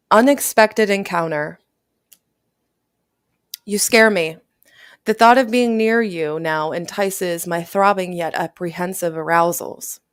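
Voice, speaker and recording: A woman's voice: lowish voice, no echo, studio quality. A woman hosting a livestream, reading a text aloud with stumbles and restarts. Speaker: livestream host.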